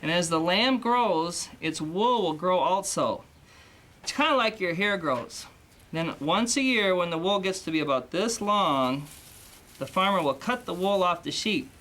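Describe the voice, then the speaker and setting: A man speaking as a farmer who presents to children, cheerful and animated, explaining farm animals outdoors. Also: sits high, measured pace. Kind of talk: scripted children's educational presenting.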